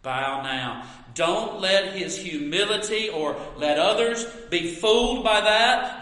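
Male preacher, bright, slightly high voice, earnest sermon delivery, recorded in a roomy hall with long echo. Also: animated, slow pace. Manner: earnest, with many questions to the listener, swinging from loud to soft.

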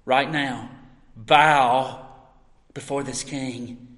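A man preaching a sermon in an earnest voice, asking his listeners many questions and swinging between loud and soft passages. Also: mid-range voice, steady tone, very slow. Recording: roomy hall with long echo.

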